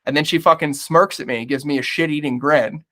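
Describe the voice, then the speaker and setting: A man's voice: on the high side, a little fast, bright, forceful tone. A man talking candidly as a podcast guest, blunt and emphatic, swearing often and calling the listener "bro".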